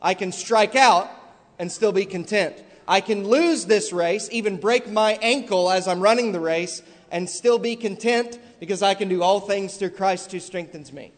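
A male preacher delivering a sermon with heavy, repeated emphasis that builds to loud stressed peaks, in a large church hall. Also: high voice, moderate pace. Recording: long echoey hall reverb.

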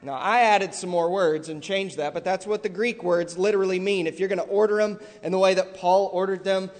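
A male preacher delivering a sermon with heavy, repeated emphasis that builds to loud stressed peaks, in a large church hall. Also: high-pitched, steady tone, fairly quick. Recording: long echoey hall reverb.

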